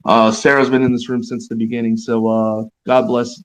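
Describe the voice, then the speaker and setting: A man's voice: medium pitch, little pitch movement, fairly quick, a bit bright, low-quality recording. A man hosting a live audio chat room, talking bluntly and passionately with frequent restarts. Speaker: host.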